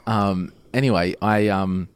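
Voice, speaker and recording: A man's voice: fairly low pitch, fairly even intonation, unhurried, clear, resonant tone, dry recording, clean studio sound. A man, co-hosting a podcast and telling a rambling story in casual chat, laughing often. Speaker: podcast co-host.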